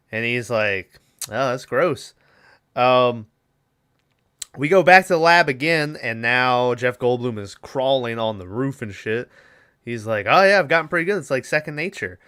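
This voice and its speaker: A man's voice: medium pitch, expressive, slow pace, long pauses, a bit bright, clean tone. A young man co-hosting a podcast, casually recapping a movie in a rambling, profane way and acting out its lines. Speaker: podcast co-host.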